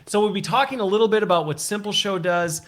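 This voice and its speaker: Upbeat guy hosting a live stream, kinda high voice, jokey and laughing a lot. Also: fast, a bit bright. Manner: upbeat, laughs often, playful teasing. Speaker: host. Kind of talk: casual live show chat.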